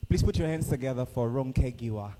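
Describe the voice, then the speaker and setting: A man's voice: medium pitch, brisk. A man with a Nigerian accent hosting a live conference event, coaxing the crowd and running games. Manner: lively, coaxing crowd and players. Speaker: event host. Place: conference hall. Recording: echoey hall with faint noise.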